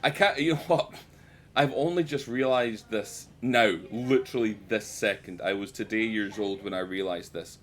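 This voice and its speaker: Sweary streamer with a lowish voice. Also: male voice, normal speed, fairly bright tone. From United Kingdom. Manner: chatty, swears freely, self-mocking. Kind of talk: casual live-stream chat while gaming.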